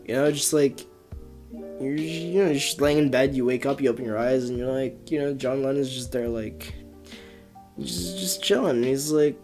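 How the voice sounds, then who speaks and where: A man's voice: mid-range voice, normal speed, darkish tone, soft background music. A young man hosting a casual podcast, rambling through stories with many fillers and restarts and frequent laughter. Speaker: podcast host.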